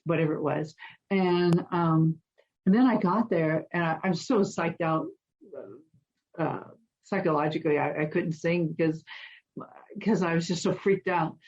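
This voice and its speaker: A woman guest in an interview, telling animated stories and acting out the voices of people in them. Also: on the low side, dull audio. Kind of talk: storytelling in an interview.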